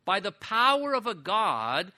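A male pastor delivers a sermon in a very bright, ringing voice. He sits a little high in pitch and leans hard into his key phrases to drive them home. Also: big pitch swings, unhurried. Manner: emphatic preaching, swelling on key phrases.

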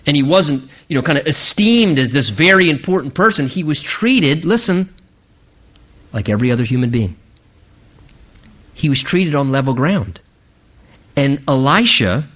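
Animated, high-voiced male preacher. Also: muffled recording. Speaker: pastor. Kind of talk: sermon.

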